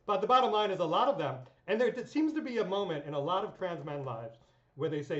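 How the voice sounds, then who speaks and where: A woman's voice: on the low side, lively intonation, quick pace. Rambling woman with a bit of echo. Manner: rambling, filler-heavy, swears freely, laughs often. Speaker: vlogger. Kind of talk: casual storytelling monologue. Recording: echoey dull room sound.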